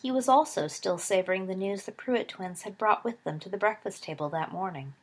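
Husky-voiced woman narrating a story. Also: mid-range voice, fairly quick.

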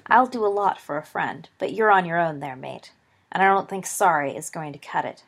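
A woman's voice: fairly low pitch, moderate pace, vocal fry, husky. A woman voicing a brash, cocky teenage schoolboy who talks in a blunt, teasing way, reading a story aloud.

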